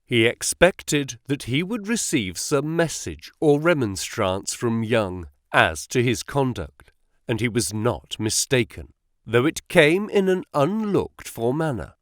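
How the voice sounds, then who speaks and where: A male audiobook narrator reading a classic novel slowly and with a lively rise and fall. The recording is dry and close-miked, with no room sound. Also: mid-range voice, dry recording. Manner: measured and expressive.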